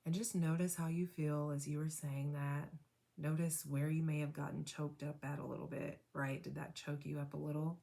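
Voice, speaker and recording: A woman guiding a tapping meditation in a slow, soothing way, often asking "right?" and dropping to a breathy whisper for the affirmations. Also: deep voice, flat delivery, mellow.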